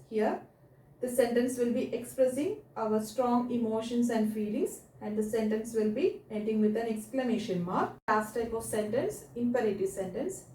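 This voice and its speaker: A woman teacher who goes through a grammar lesson step by step, asking small checking questions as she goes. Her voice sits a little high but sounds mellow and soft-edged. She is heard from a distance in a roomy, echoing space with a faint hiss behind. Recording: echoey room, voice off mic.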